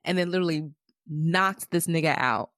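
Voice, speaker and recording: A woman co-hosting a casual chat about a TV show, animated and profane, who often mimics characters in a higher voice. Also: normal speed, no room sound, studio quality. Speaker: podcast co-host.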